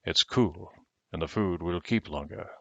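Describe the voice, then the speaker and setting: A man voicing a grave, calm male graveyard guardian who speaks in a formal, unhurried way, read aloud from a storybook over a webcam. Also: deep voice, vocal fry, dry recording, full character voice. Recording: dull lo-fi webcam sound, dry.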